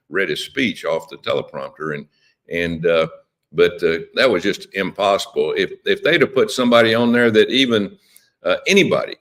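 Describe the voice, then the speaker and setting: A man's voice: low-pitched, fairly bright tone. A man speaking as a politician guest on a radio interview, impassioned and emphatic, often repeating words.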